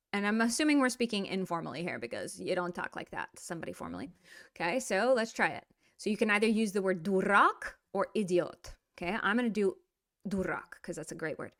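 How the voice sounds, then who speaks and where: A woman's voice: mid-range voice, brisk, no echo, studio quality. A woman teaching Russian in a casual video lesson, switching between English explanations and playful acted-out Russian phrases. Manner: lively, playful, acts out example phrases in Russian.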